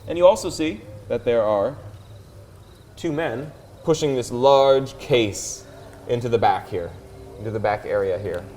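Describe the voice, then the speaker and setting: A man's voice: mid-range voice, expressive, a little slow, long pauses, darkish tone, a little hiss or hum. A man narrating as game master of a tabletop game, describing scenes with fillers. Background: background music.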